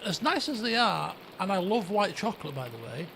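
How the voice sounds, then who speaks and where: A man's voice: sits high, very animated, a little fast, vocal fry, bright, forceful tone, a little hiss or hum. A man with a British accent, casually commenting on a video game and reading its dialogue aloud with some drama. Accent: British English. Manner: chatty and rambling, turning dramatic when reading lines aloud. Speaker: let's play host. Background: game music.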